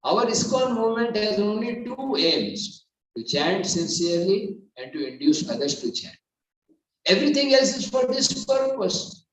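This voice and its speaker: A man giving an earnest devotional lecture, rising to emphatic loud peaks. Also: sits high, big pitch swings, normal speed, distant mic, a little hiss or hum. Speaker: preacher. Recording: echoey hall, voice from off-mic.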